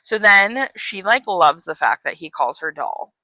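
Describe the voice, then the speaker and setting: A woman's voice: mid-range voice, lively intonation, unhurried, sharp tone, no echo. A woman co-hosting a podcast, casually retelling a book's plot and acting out the characters' lines, with lots of "like" and swearing. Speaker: podcast co-host.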